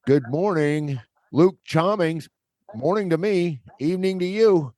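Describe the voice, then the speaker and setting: A man hosting a podcast in a chatty, upbeat way, quick to laugh. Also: a little high, mellow, dry recording, clean studio sound. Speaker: podcast host. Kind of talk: casual podcast chat.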